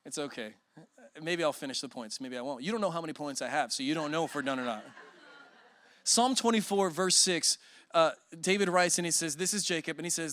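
A man's voice: high voice, moderate pace, a bit bright, no echo, studio quality. A man in his forties preaching a sermon as a guest speaker, telling emotional stories with self-deprecating humor.

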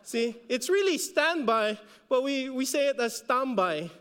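A man's voice: very high voice, very animated, normal speed, clean tone, in a large hall. A man with a Filipino accent preaching a sermon as a pastor, repeating words for emphasis and rising when he exhorts. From Philippines.

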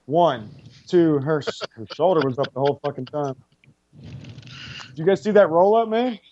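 A man excitedly calling a wrestling match move by move as he watches it with friends, swearing freely and reacting loudly to each big moment. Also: on the high side, moderate pace, lo-fi sound, slight background noise. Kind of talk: casual live watch-along commentary.

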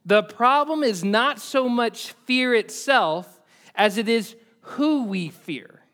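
A man preaching a sermon as pastor, swinging between loud emphatic peaks and quiet low asides, repeating key lines for emphasis. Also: animated, takes it slowly.

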